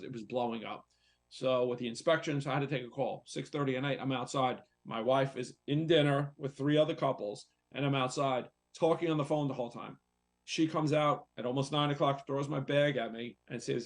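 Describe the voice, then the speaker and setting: A man's voice: medium pitch, steady tone, fairly quick. A man, a real estate investor and coach, speaking candidly and conversationally on a talk show, repeating himself as he tells a personal story. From United States.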